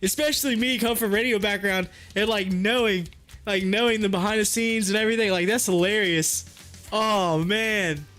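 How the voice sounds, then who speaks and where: A man's voice: high voice, fairly even intonation, moderate pace, fairly bright tone, faint music behind. A man hosting a stock market livestream who tells a story in a rambling way, laughing as he goes. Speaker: stock market live streamer. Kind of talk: casual livestream chat.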